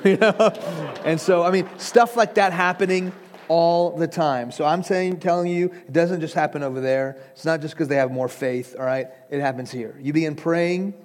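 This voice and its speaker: High-voiced earnest preacher in an echoing hall. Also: male voice, normal speed. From Iran. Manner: earnest, urgent, addresses listeners directly. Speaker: preacher and trainer of pastors. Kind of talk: sermon with told stories. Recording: long hall reverb.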